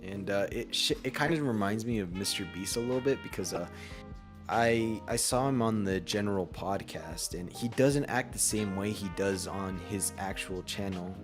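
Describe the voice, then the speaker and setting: A man's voice: lowish voice, moderate pace, over music. Rambling young man on a podcast call. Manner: rambling, many restarts and fillers, laughs often. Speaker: podcast co-host. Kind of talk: casual chat.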